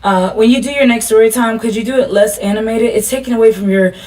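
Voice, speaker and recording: A woman telling a story in an animated, blunt and profane way. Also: on the high side, quick pace, distant mic. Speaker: storytime commentator.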